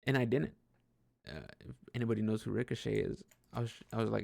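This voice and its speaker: Gravelly young man, rambling monologue. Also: on the low side, fairly even intonation, fast, darkish tone, no room sound. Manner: rambling, self-deprecating, laughs often, many restarts. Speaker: podcast host. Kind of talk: casual personal monologue.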